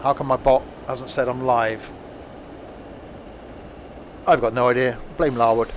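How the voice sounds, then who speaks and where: A man's voice: medium pitch, steady tone, unhurried, slight background noise. A man streaming a train simulator live, chatting and rambling as he counts off the stops. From England. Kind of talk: live game commentary.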